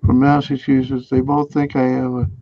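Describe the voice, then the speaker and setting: A man hosting a stream in casual chat, halting and easygoing, laughing often. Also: mid-range voice, no room sound. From New England, US. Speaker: live stream host. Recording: dull, lo-fi stream audio.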